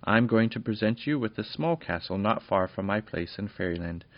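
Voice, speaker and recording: A man's voice: fairly low pitch, animated, moderate pace, no echo. A man voicing a kindly fairy lord and father in a genial, stately storybook reading, on a dull lo-fi recording.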